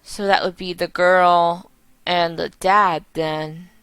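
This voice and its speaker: A woman's voice: on the low side, steady tone, slow, a bit bright, clear, resonant tone, dry recording. A woman giving game commentary as she plays, musing and half-reading to herself. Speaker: let's play host.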